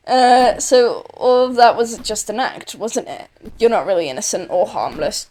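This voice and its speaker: A woman's voice: on the high side, moderate pace, hardly any pauses, a little mellow. A woman giving casual, blunt gameplay commentary, swearing and reading choices aloud. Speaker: gameplay streamer.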